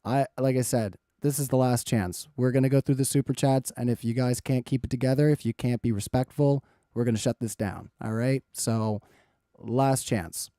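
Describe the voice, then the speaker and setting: Mellow-voiced man moderating a livestream. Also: mid-range voice, steady tone, moderate pace, dry recording, clean studio sound. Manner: firm, reading viewer questions aloud. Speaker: debate moderator.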